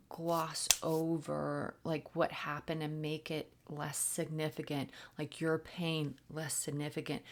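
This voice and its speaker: A woman giving a channeled spiritual reading, slipping between plain talk and a flowing chant of invented syllables, soft-spoken and often falling to a whisper, halting with many fillers. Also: deep voice.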